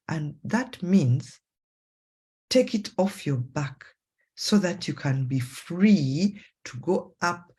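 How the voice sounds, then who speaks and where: A woman psychologist with a Ugandan English accent giving a motivational talk, acting out self-talk in a raised voice. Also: slightly rough. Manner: animated, acts out self-talk in a high voice.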